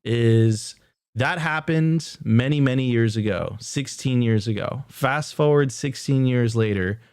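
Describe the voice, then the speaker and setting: A man co-hosting a casual live crypto show, talking in a halting way with many fillers. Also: mid-range voice, a little mellow, smooth, no room sound, studio quality. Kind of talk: casual livestream chat.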